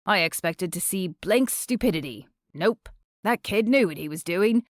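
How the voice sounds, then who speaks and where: A gruff old male surf shop owner with a booming Australian accent, as a woman narrator puts him on. He talks in a laid-back, chatty way, in a dry, close audiobook recording. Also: animated, moderate pace, dry recording, close to an everyday voice. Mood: reminiscing.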